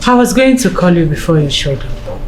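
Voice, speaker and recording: An actress with a Nigerian accent playing a worried wife who speaks anxiously and pleadingly. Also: female voice, fairly low pitch, sing-song, brisk, music in the background. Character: worried wife, troubled by her husband.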